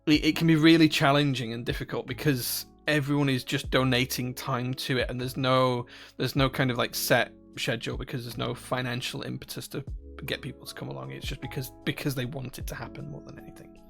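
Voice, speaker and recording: A man's voice: medium pitch, little pitch movement, fairly quick, vocal fry, hardly any pauses, fairly bright tone, soft background music. A man from Northern Ireland with a Northern Irish accent, hosting a live stream and chatting casually with viewers, rambling with frequent restarts and fillers. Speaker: livestream host. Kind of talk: casual live-stream chat, reading chat questions.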